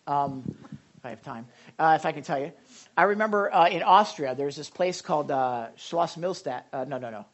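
Rambling, storytelling male pastor. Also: fairly high pitch. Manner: rambling, anecdotal, many fillers and restarts. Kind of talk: conversational sermon.

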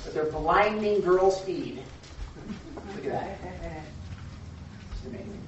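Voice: medium pitch, lively intonation, slow pace. Echoey, distant Bible study leader. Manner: conversational, full of rhetorical questions; acts out little scenes with raised voice. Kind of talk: informal Bible study teaching. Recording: echoey room, far off, dull and faint hiss.

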